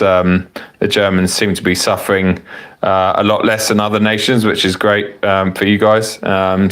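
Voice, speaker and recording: Casting note: low-voiced man hosting a live car Q&A, loose and chatty, a bit tipsy. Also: a bit bright. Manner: rambling, self-correcting, chatty with frequent fillers. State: tipsy from wine. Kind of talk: casual live-stream chat reading viewer comments.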